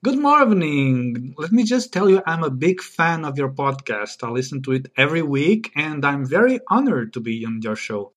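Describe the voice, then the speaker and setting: A man's voice: a little high, big pitch swings, moderate pace, few pauses, a bit bright. A man playing an eager, chatty guest expert. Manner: eager, enthusiastic, rambling. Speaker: podcast guest. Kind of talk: comedy sketch acting.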